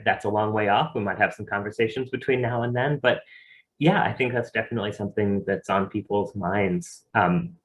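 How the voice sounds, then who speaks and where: A man's voice: lowish voice, fairly bright tone, low-quality recording. A man and dance caller talking on a video call panel, hesitant and often restarting his sentences. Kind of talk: casual panel talk.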